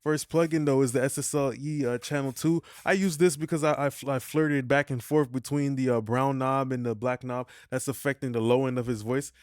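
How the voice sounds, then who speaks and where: Young man, smooth clear voice, dry close sound, slangy tutorial host. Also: mid-range voice, steady tone, brisk, few pauses, a little mellow, no echo. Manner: slangy, loose, peppered with "you feel me". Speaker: music mixing tutorial host. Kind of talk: casual tutorial talk.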